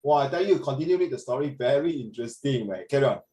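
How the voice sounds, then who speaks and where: A man's voice: mid-range voice, animated, quick pace, dark tone. Man, Singaporean accent, chatty tutor, video call, echoey room. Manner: chatty, switches into Mandarin. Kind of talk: online class feedback.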